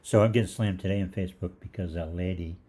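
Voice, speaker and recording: A man, middle-aged, telling a rambling funny story in casual talk, halting with fillers and restarts and acting out the other voices. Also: deep voice, fairly even intonation, dark tone, husky. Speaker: online health show host.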